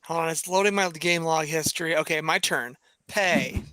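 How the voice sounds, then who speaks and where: Crisp, bright-toned gamer, dry close mic, matter-of-fact. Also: medium pitch, normal speed, no echo. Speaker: board game player on stream. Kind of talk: casual game-stream chat.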